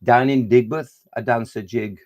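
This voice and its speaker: A man's voice: medium pitch, steady tone, normal speed, a little mellow, lightly acted. A boastful bumblebee with a Birmingham accent, as a man reciting his poem puts him on. He bounces through short rhymed lines and brags about his size. The voice sits in an ordinary middle register.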